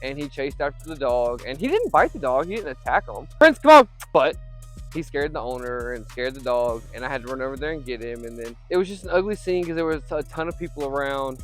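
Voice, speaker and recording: A man's voice: mid-range voice, animated, quick pace, hardly any pauses, faint music behind, poor audio. A young man talking casually in a rambling vlog monologue outdoors, breaking off now and then to call his dog. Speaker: vlogger and software company owner. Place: outdoors in a field.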